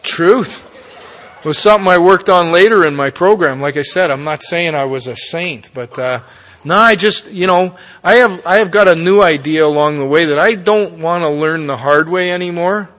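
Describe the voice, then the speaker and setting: A man's voice: on the high side, moderate pace, a bit bright. Candid man in a reverberant hall. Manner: candid, profane, folksy with tag questions. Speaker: speaker at a recovery meeting. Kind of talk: personal recovery talk. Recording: long reverb of a meeting hall.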